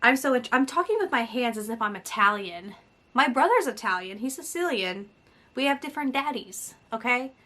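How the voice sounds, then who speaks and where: Beauty vlogger, woman of thirty, chatty review style, crisp bright tone. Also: a little high, animated, normal speed. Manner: chatty, reads product blurbs aloud with asides. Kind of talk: casual product review.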